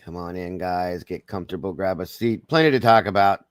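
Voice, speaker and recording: Southern man hosting a livestream, low voice. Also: fairly quick, clean tone, no room sound. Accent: Southern American. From Southern United States. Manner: warm, folksy, greets viewers by name. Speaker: livestream host. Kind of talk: casual livestream greetings.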